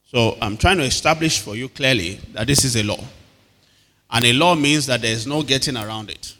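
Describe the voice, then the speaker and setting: A man's voice: mid-range voice, a little fast, bright, forceful tone, a little hiss or hum. A man preaching a sermon, often calling on the congregation to answer him. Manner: calls to the congregation for responses. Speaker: pastor. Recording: long hall reverb.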